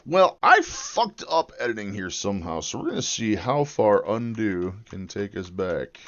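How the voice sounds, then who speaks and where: A man's voice: on the low side, big pitch swings, moderate pace, a bit bright, lo-fi sound. Rambling, joking American man streaming. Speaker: livestreamer. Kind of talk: live-stream chat while video editing.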